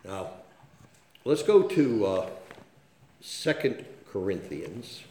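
A man's voice: on the low side, very animated, drawn-out words, a little mellow, echoey room. A man preaching a sermon, often checking in with his listeners by asking "okay?", and telling homespun stories. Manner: folksy, storytelling, frequent "okay?" check-ins.

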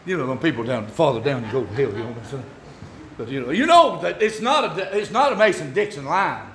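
An older man with a Southern accent preaching a sermon, shouting his exhortations and slipping into folksy asides. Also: on the high side, lively intonation, a little fast. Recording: echoey room with faint noise.

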